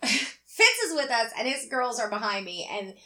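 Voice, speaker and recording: A high-voiced woman telling a story with swearing and lively put-on quotes. She keeps the chat casual and full of energy, and her pitch sits well above most women's. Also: normal speed. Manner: animated, profane storyteller who acts out quotes. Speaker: podcast co-host.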